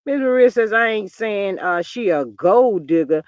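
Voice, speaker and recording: A man's voice: sits high, expressive, measured pace, clear, resonant tone, dry recording. A man hosting a livestream, reading chat and gossiping in a sassy, drawling way and calling everyone "child". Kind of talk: casual gossip commentary reading live chat.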